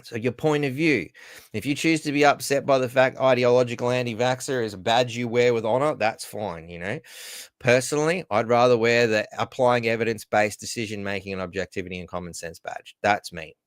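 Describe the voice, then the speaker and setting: A man's voice: mid-range voice, brisk, no echo. An Australian man hosting a solo news commentary, talking sarcastically with many asides and fillers. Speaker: host.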